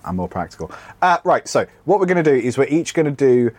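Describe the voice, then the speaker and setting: A man's voice: mid-range voice, very animated, fast, darkish tone. A man co-hosting a comedy podcast, talking in a sardonic, rambling way and swearing freely. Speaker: podcast co-host. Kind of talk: casual comedic chat.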